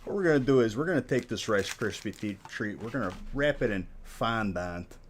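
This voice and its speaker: A man putting on a mocking impression of a loud Italian-American male baker, drawn out and cartoonish. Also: fairly low pitch, expressive, fairly quick, slight background noise, natural voice.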